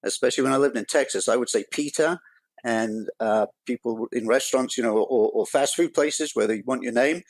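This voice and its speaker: Gravelly older Englishman. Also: medium pitch, a little fast, dry recording, low-quality recording. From England. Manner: dry, self-deprecating humor. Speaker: guest author. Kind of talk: podcast interview.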